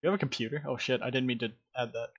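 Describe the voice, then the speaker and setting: A man's voice: mid-range voice, steady tone, rapid-fire, muffled recording. Giggly man hosting a live stream. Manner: laughs often, rambling. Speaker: stream host. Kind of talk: casual live-stream chat. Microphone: headset.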